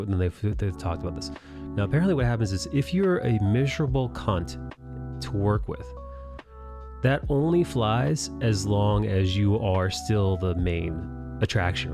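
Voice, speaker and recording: A man hosting a live drawing stream, chatting casually and ranting with a lot of swearing and disbelief. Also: lowish voice. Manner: profane, ranting, incredulous.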